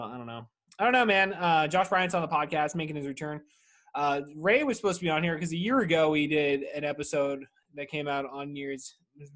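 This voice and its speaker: A man's voice: a little high, a bit bright. Rambling, foul-mouthed male podcast host. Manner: rambling, profane, laid-back stoner chat. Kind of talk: casual solo podcast monologue. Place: at home.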